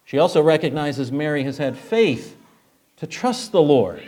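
Brief: male preacher, fairly high voice, chatty sermon delivery with rhetorical questions. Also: big pitch swings, unhurried, warm tone. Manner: conversational, rhetorical questions, frequent fillers.

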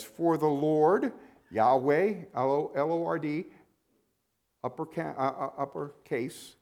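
Man, pastor, sermon, slow delivery, fairly high voice, emphatic, repeats phrases. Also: dark tone.

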